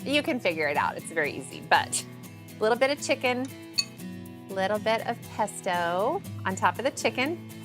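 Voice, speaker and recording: In a home kitchen, a cooking show host leads a casual demonstration, playfully chatting with the crew. Her voice is medium-pitched and very animated, at normal speed, with background music and a sizzling pan.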